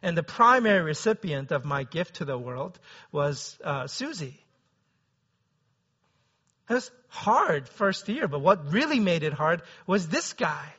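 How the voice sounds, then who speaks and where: Male pastor with a high, crisp voice and a conversational preaching manner, on a dull low-fidelity recording. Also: big pitch swings, measured pace, sharp tone. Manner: conversational, often asks the listeners "right?". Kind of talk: sermon.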